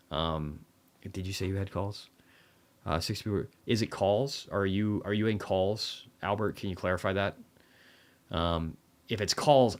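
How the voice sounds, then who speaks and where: A man with a notably low, deep voice runs a loose livestream commentary. He speaks bluntly and swears freely, slipping into dry sarcasm. His talk rambles through restarts and quick asides. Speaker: livestream host reviewing markets.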